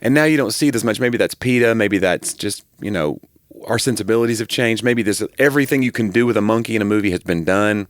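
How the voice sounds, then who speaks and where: A man with a somewhat low voice co-hosts a podcast in easygoing chat. He wanders through tangents and pokes fun at himself. The sound is dry and close. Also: fast talker, dry recording. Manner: rambling, self-deprecating storyteller. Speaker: podcast co-host. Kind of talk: casual chat.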